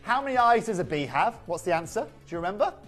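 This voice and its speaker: A woman's voice: medium pitch, very animated, quick pace, soft background music. A woman presenting jewellery on a live shopping channel, chatty and persuasive, speaking from a TV studio. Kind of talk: live TV sales pitch.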